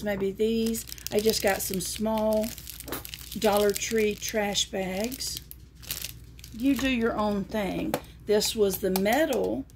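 A woman vlogger with a medium-pitched voice and a Southern American accent does a casual show-and-tell, reading scripture aloud and showing things to her viewers in a homespun, chatty way. There's background noise in the clip.

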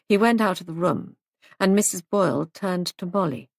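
A woman reading an audiobook in a measured, even storytelling manner. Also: lowish voice, gravelly, breathy edge, no echo, studio quality. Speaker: audiobook narrator. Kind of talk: audiobook narration.

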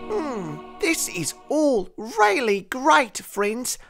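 A man voicing an earnest, melodramatic young hero son in an animated parody. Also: very high-pitched, drawn-out words, vocal fry, soft background music, full character voice. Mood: pleased. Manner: melodramatic, emotional.

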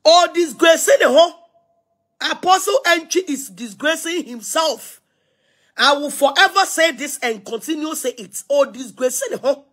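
A middle-aged Ghanaian woman rants in a social media live video, defiant and scolding, repeating herself and mixing languages. Her high voice is expressive and fairly bright, delivered at a normal speed.

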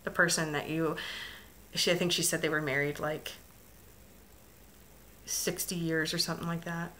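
Bright-voiced chatty woman crafter. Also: low voice, little pitch movement, normal speed, a little hiss or hum. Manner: warm storytelling, emotional, chatty with restarts. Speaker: crafting vlogger. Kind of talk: casual vlog chat.

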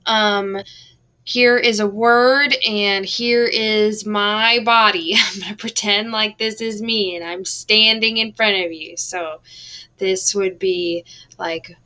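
Slow, bright-voiced woman teaching a lesson. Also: medium pitch, steady tone. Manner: slow, patient, drawing out words to count syllables. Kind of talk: recorded classroom lesson.

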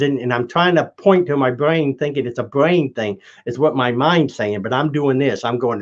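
A man's voice: medium pitch, normal speed, few pauses. Man telling a rambling story. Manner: rambling anecdote with restarts and acted quotes. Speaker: guest. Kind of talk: casual storytelling. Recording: dull lo-fi audio.

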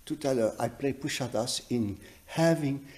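A man gives a double bass masterclass in a teaching room at a music college, sharing anecdotes with animated, emphatic storytelling. He speaks haltingly, frequently starting sentences over as he searches for the right words, before becoming emphatic.

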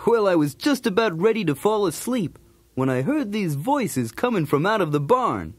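High, bouncy, streetwise cartoon dog narrating a toy story tape; dry close sound. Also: male voice, big pitch swings, normal speed, husky, no echo, heavily acted. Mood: breezy. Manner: jokey, streetwise, punning. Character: cool wisecracking male cartoon dog.

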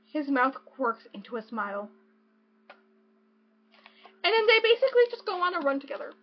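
A woman's voice: high voice, normal speed, pauses often, soft background music. A young woman hosting a casual podcast, gushing about a book and reading passages aloud. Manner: gushing, excitable, swings between reading and joking. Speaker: podcast host. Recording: dull lo-fi podcast audio.

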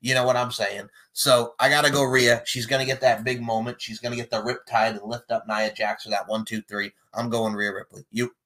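A man talking casually at a middle pitch, joking as he goes. His delivery is animated and breaks into sudden loud bursts. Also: fairly quick, hardly any pauses. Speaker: podcast host predicting wrestling matches. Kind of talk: casual chat.

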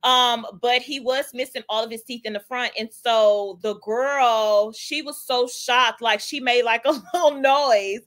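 A woman's voice: fairly high pitch, steady tone, unhurried, few pauses, a bit bright. A young woman hosting a casual gossip livestream, chatting animatedly and greeting viewers in the chat. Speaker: livestream host.

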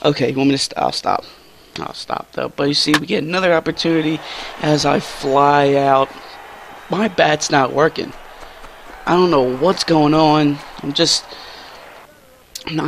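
Excitable young man with a gravelly voice. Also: a little hiss or hum. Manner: excitable, slangy, jumps to high squeals when thrilled. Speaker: gaming YouTuber. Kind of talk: casual gameplay commentary.

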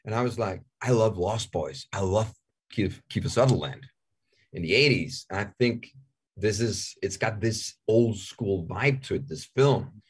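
A man's voice: on the low side, animated, measured pace, slightly rough. A man in his forties from Denmark with a Danish accent, chatting candidly as an interview guest, joking and often repeating himself. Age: 40s. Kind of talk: casual interview chat.

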